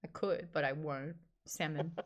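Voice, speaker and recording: A woman with an Australian accent hosting a casual live-stream chat, playful and quick to laugh. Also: low voice, steady tone. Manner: playful, laughs often, jumps between topics. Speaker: host.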